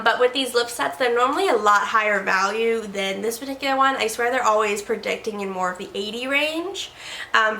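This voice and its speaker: A woman's voice: fairly high pitch, bright, forceful tone, reverberant. A woman hosting a casual beauty review vlog from her desk at home, chatting along and tripping over words now and then. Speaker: beauty vlogger host. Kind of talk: casual product review chat.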